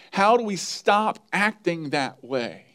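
A man's voice: high voice, very animated, slow pace, a bit bright. A man preaching a sermon, acting out his own pleading prayers as he tells stories. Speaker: pastor.

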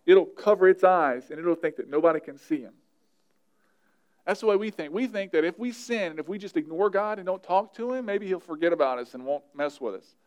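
A pastor preaching a sermon in a notably high voice. He talks to his congregation earnestly and casually, slipping in humor. When he voices a prayer, he drops into a softer, quieter tone.

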